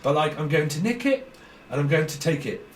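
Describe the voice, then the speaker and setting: A man's voice: fairly high pitch, sing-song, a little fast. Rambling British man reading tarot. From Britain. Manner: rambling, stream-of-consciousness, laughs often. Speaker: tarot reader. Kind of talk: casual tarot reading monologue. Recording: roomy echo, slightly distant mic, faint noise.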